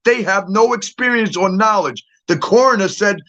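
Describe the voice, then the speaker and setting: A man's voice: high-pitched, animated, moderate pace, sharp tone. A middle-aged man in a casual, profane ranting monologue, bluntly laying out his theory and keeping on asking "okay?". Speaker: true-crime commentator. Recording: dull lo-fi audio.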